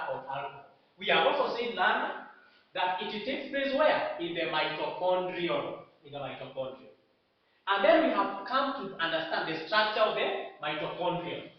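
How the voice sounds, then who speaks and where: A man teaching a biology revision lesson, asking rhetorical questions and then answering them himself while repeating the key words. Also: high voice. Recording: echoey distant lo-fi room sound.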